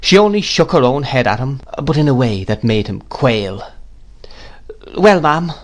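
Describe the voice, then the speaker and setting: Man, audiobook narrator, mid-pitched, measured, deliberate. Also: very animated. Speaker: audiobook reader. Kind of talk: scripted narration of a classic novel.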